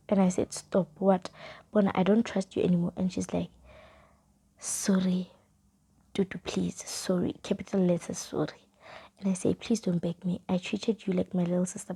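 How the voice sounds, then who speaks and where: A young South African woman with a South African accent, casually telling a storytime vlog and reading old chat messages aloud in a soft, half-whispered way. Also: lowish voice, vocal fry, husky. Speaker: vlogger.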